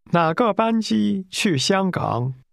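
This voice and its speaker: Male model speaker, slightly gravelly, slow and careful, dry studio sound. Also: sits high, animated, no echo. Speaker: model speaker in a language course. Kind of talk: slow model pronunciation for repetition.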